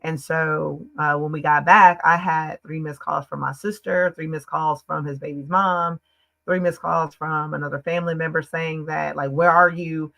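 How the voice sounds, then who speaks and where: A woman from the United States recounts a personal story on a podcast. Her voice is bright and forceful, with casual, emphatic, run-on phrasing full of "like" fillers. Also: low-pitched, fairly even intonation, gravelly, rough recording. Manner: emphatic, fast-flowing, frequent "like" fillers. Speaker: podcast guest.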